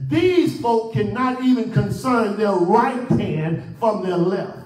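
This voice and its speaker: A male pastor voicing God as a calm deity who questions a prophet in a slow, measured, gently reproachful way. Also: sits high, roomy sound, recorded from a distance, poor audio.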